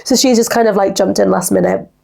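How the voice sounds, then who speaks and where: A woman's voice: mid-range voice, fairly even intonation, fast talker, creaky, mellow. A young woman, hosting a casual solo podcast in a rambling, chatty way full of "like". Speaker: podcast host.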